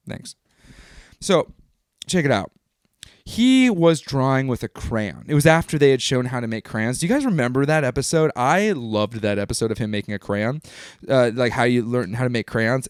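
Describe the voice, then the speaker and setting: A man in his thirties hosting a live stream, talking casually in a rambling, animated way that often interrupts itself. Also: mid-range voice, dry recording, studio quality. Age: 30s. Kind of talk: casual livestream monologue.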